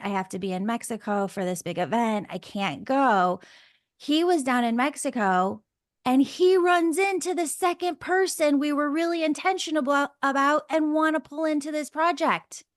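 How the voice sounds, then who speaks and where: A woman's voice: high-pitched, dry recording, studio quality. A woman hosting a podcast and telling a story in a casual, gushing way, full of fillers like "like" and "oh my God.". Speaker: podcast host.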